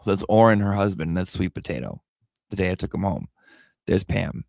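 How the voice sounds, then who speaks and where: Gravelly low-voiced man telling a story. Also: expressive, fairly quick, darkish tone, dry recording, studio quality. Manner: candid and emotional, with frequent repeats and casual swearing. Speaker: vlogger and pet owner. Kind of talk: casual personal storytelling.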